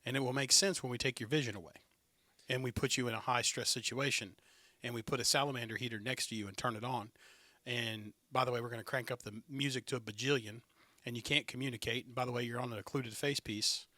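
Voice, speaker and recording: A man's voice: medium pitch, fairly even intonation, fast, pushed and bright, no room sound. A man hosting a podcast, chatting casually and telling stories with frequent laughs. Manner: chatty storyteller, laughs often. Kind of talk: casual chat.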